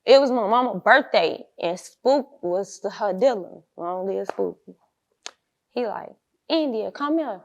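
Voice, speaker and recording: A woman's voice: medium pitch, a little slow, creaky, lo-fi sound. A young woman, an interview guest, telling her life story bluntly in street slang and acting out the people she quotes.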